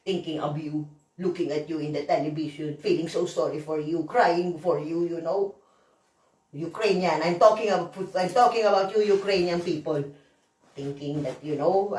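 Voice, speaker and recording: A hoarse woman vlogger, ranting in a profane, rambling, emphatic way. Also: medium pitch, moderate pace, recorded from a distance. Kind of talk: emotional rant to camera. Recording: echoey room, voice off-mic.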